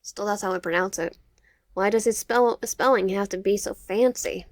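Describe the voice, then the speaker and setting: A young woman reading a visual novel game aloud with her own comments, halting and stumbling over words, correcting herself as she goes. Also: medium pitch, dry recording, clean studio sound.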